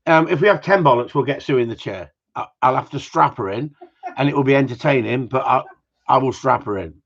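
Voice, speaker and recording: This gundog Q&A stream host speaks at medium pitch and a little fast, joking around and ribbing his viewers as he rambles. The live audio is dull and lo-fi.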